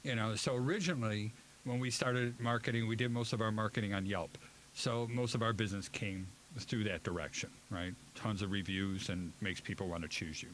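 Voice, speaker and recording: A man's voice: lowish voice, fairly even intonation, fairly quick, fairly bright tone, slight background noise, rough recording. A man co-hosting a casual radio show, teasing the others and speaking emphatically about his business.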